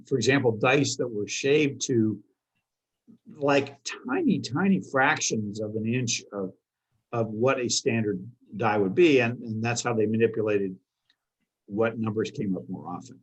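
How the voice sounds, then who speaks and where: A man on a collectors' panel, speaking in halting sentences full of restarts. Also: mid-range voice, slightly rough, rough recording. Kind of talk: casual panel chat.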